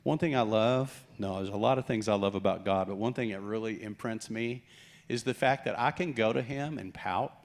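A man's voice: on the low side, normal speed. A man preaching a sermon, joking with the congregation and acting out the characters in the story. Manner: jokey, animated preaching with acted-out quotes. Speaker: pastor.

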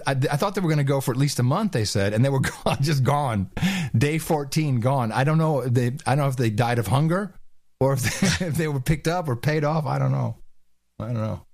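A man co-hosting a podcast in casual chat, sarcastic and mocking, tossing off quick jokes. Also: mid-range voice, animated, darkish tone, dry recording, studio quality. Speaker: podcast co-host. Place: Austin.

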